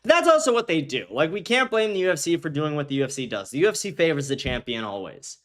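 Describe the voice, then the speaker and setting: A man's voice: on the high side, sing-song, fast talker, fairly bright tone. A young man hosting a casual political commentary stream, blunt and profane, rambling with restarts and reading viewer chat aloud. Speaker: livestream host.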